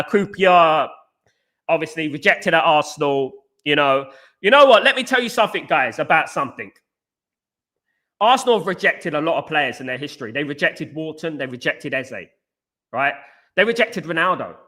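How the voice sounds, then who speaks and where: A man's voice: on the high side, sharp tone. A man hosting a casual live stream, rambling and talking straight to his chat viewers. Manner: chatty, rambling, addresses chat viewers directly. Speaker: livestream host.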